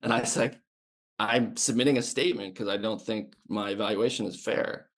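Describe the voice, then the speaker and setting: A man's voice: fairly low pitch, steady tone, normal speed. A man in his fifties from the United States, a former Navy sniper and podcast guest, telling his story in a blunt, casual way that is full of restarts and swearing.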